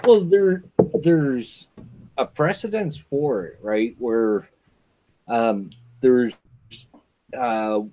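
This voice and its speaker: A man's voice: medium pitch, drawn-out words, pauses often, warm tone, slight background noise. A man hosting a casual livestream chat, laid-back and teasing as he reads viewer comments. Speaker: host reading viewer chat.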